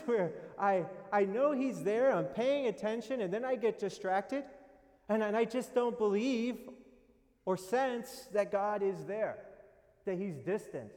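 A priest preaches a homily in a soft, mellow voice that sits a little high for a man. He speaks slowly and gently with a prayerful calm, and his words ring out with the long echo of a big church. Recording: long reverb of a large hall.

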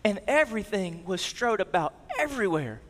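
A male pastor in his thirties delivers a storytelling sermon, his voice sitting high for a man. He moves between energetic emphasis and quiet, low passages. The sound carries the long reverb of a big hall. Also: moderate pace.

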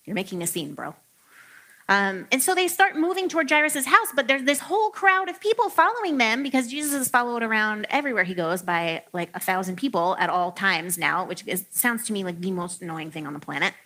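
A woman preacher talks through her sermon like a chat with friends, playful and quick to joke. Her voice is bright and a touch high, with a clear, forward ring. She fills her lines with "like" and easy asides. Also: expressive. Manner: chatty and playful, heavy use of "like". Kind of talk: casual humorous sermon.

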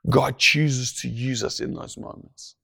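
Male preacher, husky, unhurried delivery, hushes down for emphasis. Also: medium pitch, steady tone. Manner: slow, deliberate, drops to a hush for emphasis. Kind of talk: sermon.

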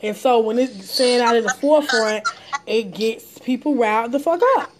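A woman from the Atlanta area, talking bluntly and profanely in casual conversation, animated as she tells stories. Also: a little high, normal speed, noisy background.

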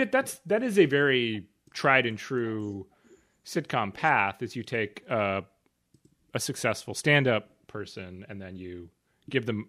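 A man's voice: lowish voice, fairly bright tone, no room sound, clean studio sound. A man co-hosting a podcast in casual chat, wry and rambling, often breaking off mid-sentence. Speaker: podcast co-host.

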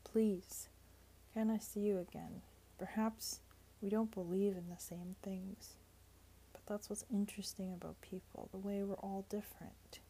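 A woman's voice: medium pitch, flat delivery, measured pace, mellow, husky, rough recording. A woman voicing an earnest young man. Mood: pleading. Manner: stuffy, then pleading. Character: earnest young male striker, eager.

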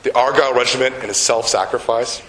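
An older man preaching a sermon. He tells a story, slows down on key words and puts questions to the congregation. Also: medium pitch, fairly even intonation, a bit bright, roomy sound, poor audio. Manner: storytelling, slows down for emphasis, asks the audience questions. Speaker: pastor.

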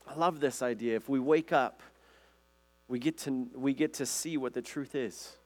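A man's voice: mid-range voice, normal speed. A man preaching a conversational sermon, earnest and often asking his listeners questions. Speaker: pastor.

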